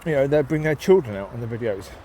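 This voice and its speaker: A man's voice: mid-range voice, lively intonation, quick pace, warm tone, slight background noise. A man with a nasal voice talking casually while walking his dogs outdoors in the woods, with plenty of ums. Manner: rambling, many ums, calls out to dogs. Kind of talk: casual walk-and-talk monologue.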